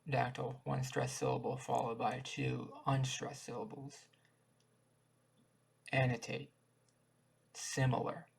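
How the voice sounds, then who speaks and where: A man reading a lesson text aloud, halting at times and restarting words. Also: mid-range voice, creaky, slightly rough, poor audio. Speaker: channel host explaining poetry.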